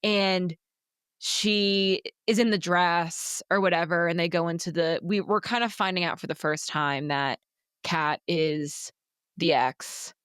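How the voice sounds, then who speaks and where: A woman's voice: lowish voice, unhurried, fairly bright tone, clear, resonant tone, no echo, clean studio sound. A woman co-hosting a casual book podcast, talking animatedly, swearing freely and acting out characters' lines. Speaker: podcast co-host.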